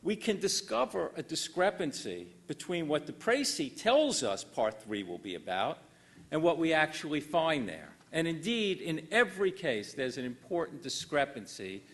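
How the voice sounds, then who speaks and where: Older man, university lecture, expressive intonation, wry asides. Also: on the high side. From United States. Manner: dry wit, measured emphasis. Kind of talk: formal academic lecture. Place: lecture hall.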